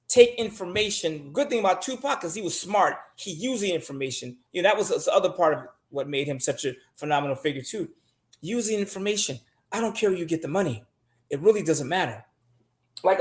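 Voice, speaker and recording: A man's voice: high-pitched, echoey room. A man talking casually and bluntly as a show guest, swearing often and pressing his money advice with emphasis.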